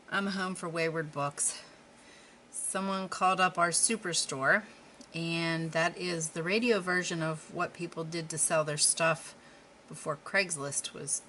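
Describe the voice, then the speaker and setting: A woman's voice: fairly low pitch, bright, forceful tone, slight background noise. A middle-aged woman from Western Pennsylvania, chatting casually and rambling while she paints a canvas. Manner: chatty, rambling, self-deprecating asides. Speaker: craft vlogger.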